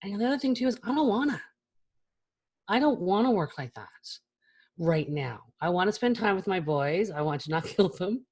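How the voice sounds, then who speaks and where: A woman's voice: mid-range voice, expressive, moderate pace, darkish tone, slightly rough. Frank, chatty woman speaking on a video call. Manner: frank, chatty, swears casually. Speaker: keynote speaker. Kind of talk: candid talk to an online audience.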